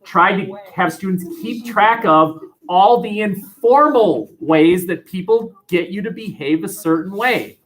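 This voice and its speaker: A man lectures his sociology class in an animated, lively way, and he often acts out the people he quotes. His voice sits a touch high for a man. He is speaking in a classroom. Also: measured pace, hardly any pauses, poor audio. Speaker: sociology teacher.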